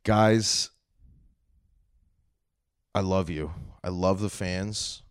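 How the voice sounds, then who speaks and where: A man's voice: low-pitched, very slow, clean tone, no echo, clean studio sound. A young man from Canada hosting a comedy podcast, talking in a blunt, profane, joking way. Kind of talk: casual podcast chat.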